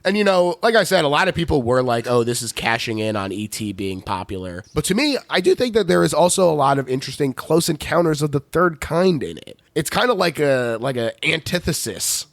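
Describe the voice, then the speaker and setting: Philly guy hosting a horror podcast, kinda gravelly, slightly high voice, laughs a lot, dry close mic. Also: lively intonation, fairly quick, hardly any pauses, dry recording. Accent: Philadelphia. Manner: laughs often, swears, playful recapping. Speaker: podcast host. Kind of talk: casual movie recap chat.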